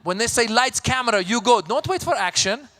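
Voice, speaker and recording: A woman's voice: a little high, animated, fairly quick, a bit bright, voice pushed up. A man voicing his insistent older Persian mother, speaking broken English with a Persian accent. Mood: bossy. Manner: broken English, pushy, scolding.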